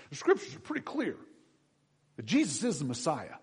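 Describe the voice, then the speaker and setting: A man's voice: on the high side, normal speed, pauses often, slightly rough. A man preaching a conversational sermon to his congregation, acting out quotes and asking them questions. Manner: animated, acts out quotes, asks the congregation questions. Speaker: pastor.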